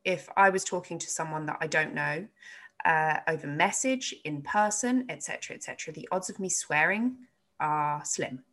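A chatty woman co-hosting a casual talk show, her voice sitting a little low. She teaches yoga and swears freely in a joking way, laughing often. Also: moderate pace, a bit bright. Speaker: podcast co-host, yoga teacher. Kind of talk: casual chat.

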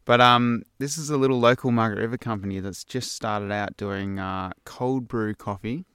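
A man's voice: fairly low pitch, normal speed, fairly bright tone, clean tone, no room sound. Easygoing aussie guy chatting on a podcast, keeps laughing, dry close mic. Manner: laid-back, laughs often, trails off mid-sentence. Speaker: podcast co-host. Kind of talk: casual chat.

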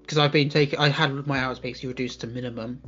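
A young man co-hosting a casual chat podcast, talking about work in a relaxed, hesitant way with many ums. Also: mid-range voice, quick pace, muffled recording, soft background music. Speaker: podcast co-host.

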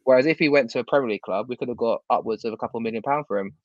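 A man's voice: medium pitch, rapid-fire, no echo. A man in casual football chat, blunt and ranting, with some swearing. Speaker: football podcast co-host. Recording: dull lo-fi sound.

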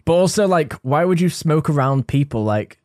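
A man's voice: fairly high pitch, animated, normal speed, darkish tone, no room sound, clean studio sound. A man in his twenties reading stories aloud and adding casual, wry comments after each one. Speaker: story narrator.

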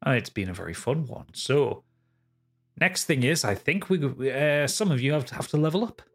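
A man's voice: medium pitch, animated, normal speed. A man running a tabletop game, chatting casually and laughing with his players. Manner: laughing, sweary banter. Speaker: game master.

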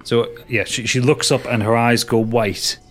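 A man's voice: medium pitch, steady tone, moderate pace, a little hiss or hum. A man narrating as game master of a tabletop game, talking with frequent hesitations. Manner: hesitant, many fillers and restarts.

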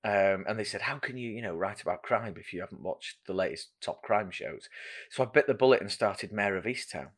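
A man's voice: fairly low pitch, fairly quick, a bit bright. A man hosting a podcast, chatting casually with self-deprecating asides and plenty of ums. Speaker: podcast host. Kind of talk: casual chat.

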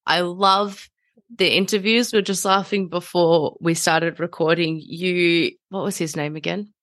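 A woman hosts a podcast in a relaxed, conversational way, bubbling with enthusiasm and ready laughter. Her voice sits on the lower side, and the sound is dry and close with no room around it. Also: a little slow, no echo. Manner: gushing, enthusiastic, frequent laughter. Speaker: podcast host. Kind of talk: casual interview chat.

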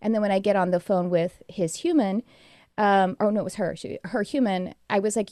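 A woman's voice: mid-range voice, normal speed, dark tone, dry recording, studio quality. A woman guest in a casual interview, telling rambling, earnest stories about her work. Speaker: guest, animal communicator.

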